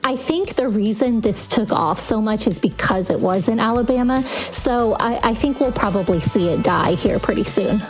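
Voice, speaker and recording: A woman's voice: fairly high pitch, normal speed, few pauses, a little mellow, faint music behind, low-quality recording. A woman answering questions as a podcast guest, chatty and opinionated, with casual fillers. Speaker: guest commentator.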